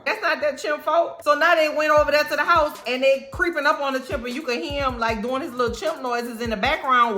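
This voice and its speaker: A woman hosting a reaction video who gives casual commentary and rants emphatically, with plenty of slang. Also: on the high side. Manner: animated, emphatic ranting with slang.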